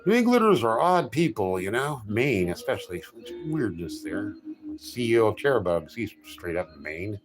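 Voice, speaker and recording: A man's voice: lowish voice, very animated, normal speed, music in the background. A middle-aged man chatting casually with viewers as a streamer, telling jokey stories with frequent restarts and self-corrections. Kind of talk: casual rambling chat.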